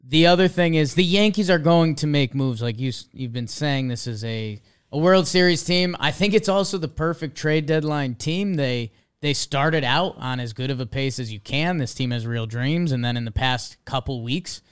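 Young male sports-show host, clear smooth voice, chatty and excitable. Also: mid-range voice, normal speed, few pauses. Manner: excitable, rambling, jokey. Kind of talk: casual sports chat.

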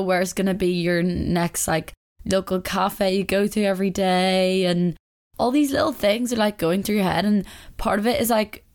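Chatty young woman, candid and rambling. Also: on the low side. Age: 20s. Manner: rambling and chatty, heavy use of "like"; open and confessional. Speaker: podcast host. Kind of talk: candid casual monologue.

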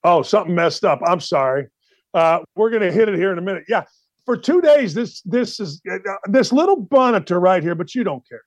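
A male show host giving ranting sports commentary, loud, exasperated and often shouting. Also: sits high, expressive, fairly quick, no room sound.

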